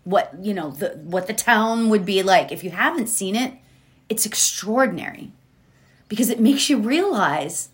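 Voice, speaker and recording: A woman giving a slow, gentle inspirational talk that moves into a guided meditation. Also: mid-range voice. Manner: slow, gentle, drawn-out phrasing with soft laughs. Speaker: spiritual speaker leading a meditation.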